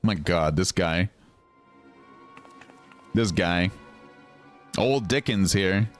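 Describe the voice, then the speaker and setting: A man's voice: low voice, extremely slow, soft background music. A man streaming a game, chatting casually and greeting his viewers. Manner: casual, chatty, reads game dialogue aloud and greets chat. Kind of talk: livestream gameplay commentary.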